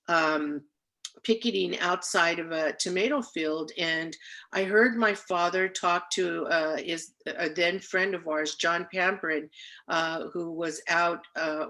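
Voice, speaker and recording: A middle-aged woman, a labor organizer, telling her story as an interview guest in a lively, emotional way, with many pauses and fillers. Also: fairly low pitch. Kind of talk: conversational storytelling.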